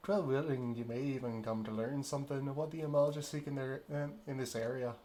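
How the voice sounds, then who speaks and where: A man voicing a stern male camp leader from a game, reading formal old-fashioned lines in a vague made-up accent, with pauses and fillers, music playing behind. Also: mid-range voice, steady tone, close to an everyday voice. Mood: solemn.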